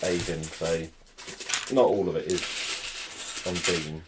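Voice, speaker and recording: A man chatting casually in a dry, hesitant, low-key way. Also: steady tone, slow pace, noisy background. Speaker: co-host of a live building stream. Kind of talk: casual chat.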